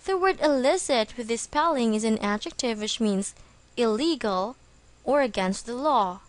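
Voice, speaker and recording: A woman reading a scripted English vocabulary lesson, slow and deliberate, spelling words out letter by letter. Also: on the high side. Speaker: English teacher.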